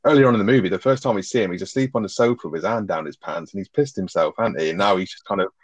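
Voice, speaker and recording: A man co-hosting a casual film review podcast, blunt and profane with quick asides. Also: deep voice, breathy edge, no echo. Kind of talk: casual sweary film chat. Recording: dry, dull lo-fi sound.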